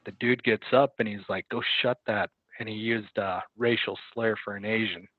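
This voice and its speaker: A man telling a story in casual conversation as a podcast guest, halting and correcting himself as he goes, acting out what people said. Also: lowish voice, fairly even intonation, no echo. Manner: halting, self-correcting retelling with quoted dialogue. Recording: dry, tinny phone-like line.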